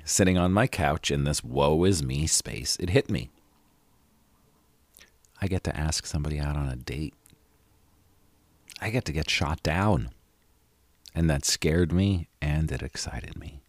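A man's voice: low voice, expressive, a little slow, long pauses, no echo. A middle-aged man hosting a motivational podcast, talking in an earnest, conversational way with emphatic repetition and the odd swear word. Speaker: podcast host and life coach. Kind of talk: casual motivational monologue.

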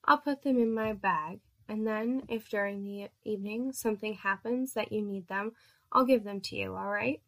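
A woman's voice: medium pitch, normal speed, a bit bright, close to an everyday voice. A woman voicing a commanding, dominant woman who gives orders in a story reading. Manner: bossy, giving orders.

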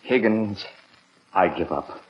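An actor playing a flustered, put-upon father in a 1950s radio sitcom, excitable and exasperated, on a dull old broadcast recording. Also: on the low side, takes it slowly, reverberant, a little hiss or hum. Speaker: father of the household.

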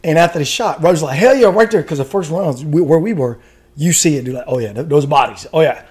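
A retired American Army veteran man telling a war story in casual chat, animated and profane, laughing often. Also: a little high, fast talker, breathy edge. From United States.

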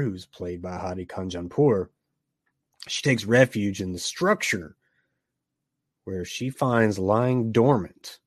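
A man from Tennessee with a Southern US accent, casually reviewing a horror film with joking asides and drawn-out words for emphasis. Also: medium pitch, no room sound, studio quality. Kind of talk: casual movie review commentary.

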